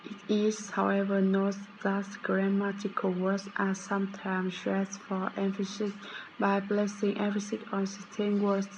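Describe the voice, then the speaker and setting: Flat, slow-reading woman presenter. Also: mid-range voice, noisy background. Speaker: student presenter. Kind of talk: reading a prepared lesson script.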